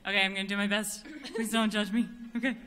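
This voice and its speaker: A woman's voice: medium pitch, flat delivery, fast talker, fairly bright tone, a little hiss or hum. Giggly American woman on stage. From United States. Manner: giggly, self-deprecating storytelling. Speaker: quartet bass singer. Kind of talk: on-stage concert banter. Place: concert hall stage. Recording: reverberant concert hall.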